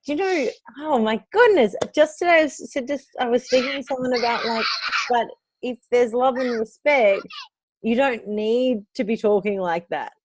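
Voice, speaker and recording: A woman's voice: a little high, moderate pace, no echo. A woman in her thirties co-hosting a podcast, talking in an enthusiastic, effusive casual chat. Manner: enthusiastic, effusive, restarts words. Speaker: podcast co-host.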